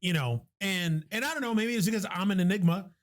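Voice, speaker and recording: A man from New York whose first language is Spanish, co-hosting a podcast in casual, animated chat and swearing freely. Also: high-pitched, fast. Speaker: podcast co-host.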